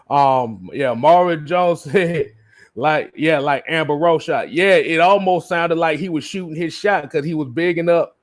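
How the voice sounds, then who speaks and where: A man hosting a casual livestream, reading out viewer comments in a relaxed way, often laughing and repeating himself. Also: on the high side, slow pace. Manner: laid-back, laughs often, repeats words. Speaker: livestream host.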